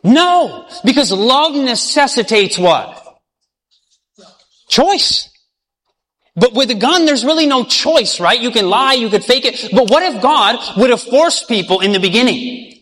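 A male preacher with a high, bright voice, telling a story in a sermon. He acts out the voices in it and keeps asking his listeners questions. His voice rings with long reverb, as in a big hall. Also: lively intonation, measured pace.

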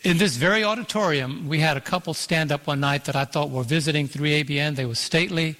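A man preaching a sermon as pastor, emphatic, slowing down for scripture and calling for "Amen" from the congregation. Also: on the high side, bright, forceful tone. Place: church auditorium. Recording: long hall reverb in an auditorium.

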